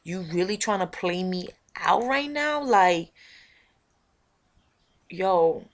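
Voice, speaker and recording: Loud and hard-edged, this is a streetwise young tough girl squaring up to an old friend, put on by a woman. She spits slang and threats, her voice low and heavy. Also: animated, takes it slowly. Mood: confrontational. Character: brash, hot-tempered streetwise young woman threatening a rival.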